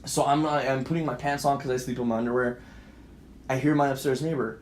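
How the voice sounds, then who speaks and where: A young man co-hosting a podcast, telling a story casually with lots of swearing and acted-out shouting. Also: a little high, fast talker, reverberant. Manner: animated, profane, acts out voices and shouts in quotes. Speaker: podcast co-host.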